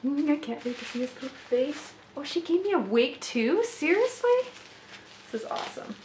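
A woman vlogging an unboxing in a casual, gushing and excitable way, laughing often, her throat slightly rough. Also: high-pitched, fairly quick. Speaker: doll collector vlogger. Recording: echoey room with faint noise.

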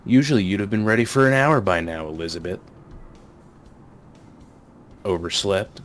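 A man's voice: on the low side, animated, moderate pace, slight background noise, lightly acted. A man doing a kind young pigeon schoolboy. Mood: friendly.

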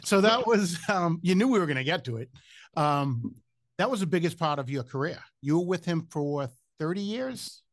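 A male podcast host with a slightly higher voice, asking questions in a friendly conversational way and steering the talk. The sound is dry and close, with no room echo. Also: lively intonation, moderate pace. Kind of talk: conversational interviewing.

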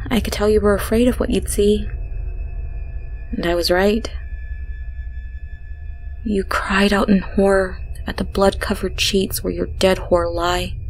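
A woman reads a horror story at an unhurried, deliberate pace. Her delivery is hushed, often dropping to a whisper, with faint music underneath. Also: medium pitch. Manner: slow, hushed, with whispered passages. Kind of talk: scripted horror narration.

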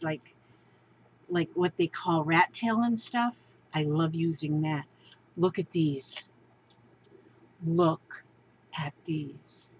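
A woman crafter talks slowly through an unboxing, gushing and exclaiming and often saying things twice. Her voice sits at an ordinary pitch. It comes through a dull, lo-fi home recording with a faint hiss underneath. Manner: gushing, exclaims and repeats herself. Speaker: crafting vlogger. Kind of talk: unboxing show-and-tell.

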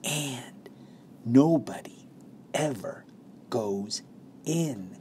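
A man's voice: mid-range voice, moderate pace, slight background noise, close to an everyday voice. A man voicing an old grandfather spinning a story for a child in a storybook reading, sometimes dropping to a secret whisper. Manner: animated storytelling that drops to a hushed whisper. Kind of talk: storybook read-aloud.

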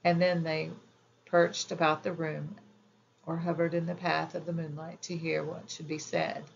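Woman audiobook narrator, fairy tale, even delivery, low voice, muffled recording, faint hiss. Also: normal speed, gravelly.

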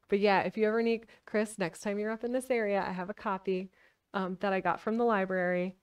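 A woman's voice: mid-range voice, steady tone, normal speed, clean tone, far from the mic. A woman streamer chatting casually with viewers and reading a book aloud, giggly and full of fillers.

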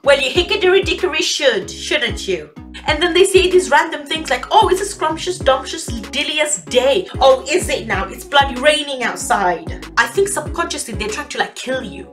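A woman's voice: high voice, lively intonation, normal speed, fairly bright tone, soft background music. A woman doing an exasperated comedic rant, swearing often. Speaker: comedy youtuber. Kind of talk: comedic monologue.

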